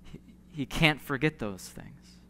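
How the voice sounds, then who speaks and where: A male pastor preaching a sermon earnestly, with emphatic pauses and repeated phrases. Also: medium pitch, fairly bright tone, slight background noise. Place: church sanctuary. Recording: long church hall reverb.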